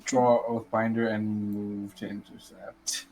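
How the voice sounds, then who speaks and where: A man's voice: fairly low pitch, little pitch movement, slow, a little mellow, faint music behind, low-quality recording. A man playing a tabletop game, explaining things in a plain, matter-of-fact way. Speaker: player. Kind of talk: tabletop role-play.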